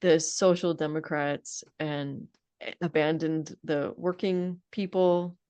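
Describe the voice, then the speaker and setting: Woman podcast host, somewhat low and earnest, talkative; dry close sound. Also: fairly even intonation, takes it slowly, darkish tone, smooth, no room sound. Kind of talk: casual interview chat.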